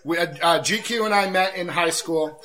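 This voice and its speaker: Young male host, very bright voice, high and animated pitch, playful joking banter. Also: moderate pace, rough recording. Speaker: podcast host. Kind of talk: casual chat watching wrestling.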